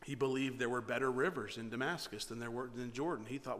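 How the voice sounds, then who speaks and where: A man preaching a sermon, telling a story with animated energy and many rhetorical questions. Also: mid-range voice, quick pace, in a large hall. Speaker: pastor.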